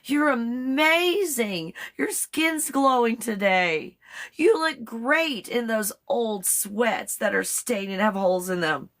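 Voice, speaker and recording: A woman's voice: fairly high pitch, voice pushed up, full character voice. A woman doing a gushing Valley Girl chatbot. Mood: flattering. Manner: slow, sing-song, over-the-top flattery.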